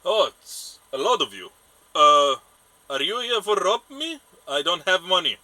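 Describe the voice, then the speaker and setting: A man putting on a loud, cheerful old fisherman. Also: a little high, expressive, moderate pace, a loud crowd, pitched above the performer's own voice, natural voice. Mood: wary. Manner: odd accent, loud exclamations. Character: elderly male fisherman, cheerful and wary.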